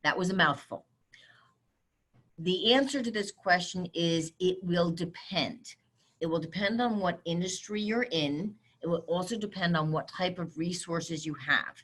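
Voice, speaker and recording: Brisk, direct woman giving webinar advice. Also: fairly low pitch, fairly bright tone. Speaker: webinar speaker on cybersecurity. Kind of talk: webinar presentation.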